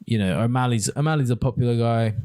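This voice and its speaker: A man's voice: medium pitch, fast talker, warm tone, no room sound. A man from near London with a southern English accent, co-hosting a podcast in an easygoing chat and searching for names as he goes. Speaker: podcast co-host. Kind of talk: casual chat.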